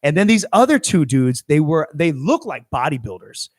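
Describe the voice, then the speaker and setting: A man's voice: a little high, big pitch swings, normal speed, dry recording, studio quality. A young adult man co-hosting a podcast, telling a rambling story full of restarts and fillers. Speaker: podcast co-host, coach. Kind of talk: casual chat.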